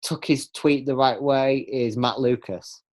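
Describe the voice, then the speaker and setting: A man's voice: medium pitch, measured pace. Stammering man chatting on a fan podcast. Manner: stammering restarts, excitable. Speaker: podcast host. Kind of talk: casual fan podcast chat.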